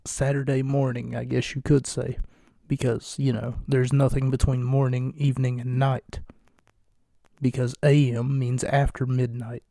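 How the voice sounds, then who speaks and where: A man hosting a casual solo wrestling podcast late at night, talking in a hushed, jokey, rambling way from a home recording space. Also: mid-range voice, level tone, slow pace, vocal fry, long pauses, no room sound, studio quality. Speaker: podcast host.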